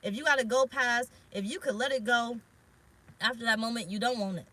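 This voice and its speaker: A woman's voice: fairly high pitch, a little fast, sharp tone, low-quality recording. Frank, rambling woman tarot reader. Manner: rambling, frank, swears casually. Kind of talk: casual spiritual vlog talk. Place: parked car.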